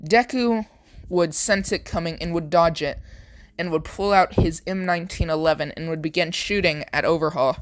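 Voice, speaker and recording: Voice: mid-range voice, no echo. A narrator improvising a fan-fiction action story, often stopping to restart and correct words. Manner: halting, with frequent restarts and self-corrections; strings events together with repeated "would" and "as".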